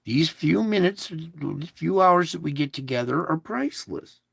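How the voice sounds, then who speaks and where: Slow, gravelly blunt preacher man. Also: a little high, expressive, fairly bright tone, no echo. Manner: blunt, conversational, with crude words; coaxing, asks listeners many questions. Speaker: devotional speaker. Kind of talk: devotional talk spoken in God's voice.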